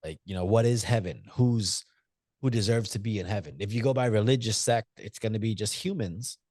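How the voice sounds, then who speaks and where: On this casual movie-review podcast, the co-host speaks fairly quickly in a lowish, slightly mellow voice. The studio recording is clean and dry. He's loose and profane, ribbing his friend and thinking out loud, often restarting his sentences.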